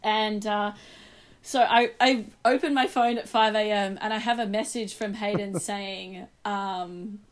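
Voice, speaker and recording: A woman's voice: medium pitch, measured pace. A young woman co-hosting a casual podcast, telling a story with frequent laughter. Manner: animated storyteller, laughs often. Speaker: podcast co-host.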